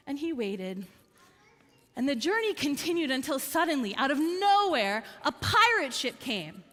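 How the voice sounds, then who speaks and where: A woman's voice: extremely high pitch, long reverb tail. A woman telling a story from the pulpit during a service, acting out the characters' voices. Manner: animated storyteller, acts out quoted voices. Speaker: clergy member telling a story. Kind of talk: storytelling sermon. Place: synagogue sanctuary.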